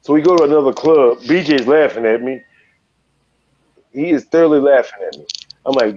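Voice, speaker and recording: A man from Chicago telling a wild story in an interview, profane and animated, leaping into loud quoted voices. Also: medium pitch, fairly quick, lo-fi sound, slight background noise. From Chicago, USA. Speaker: guest, fighter.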